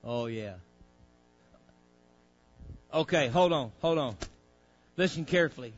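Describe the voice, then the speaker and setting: A man's voice: medium pitch, lively intonation, slow, dull audio, faint music behind. A male preacher, delivering a fiery sermon with folksy grammar, directing a reader and acting out pleading voices.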